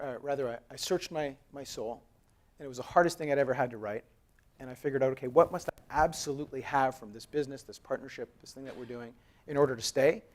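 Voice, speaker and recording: A man in his thirties giving a live conference presentation, conversational and storytelling, joking with the audience. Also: mid-range voice. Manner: animated storytelling, acts out quoted dialogue. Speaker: conference speaker. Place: conference hall.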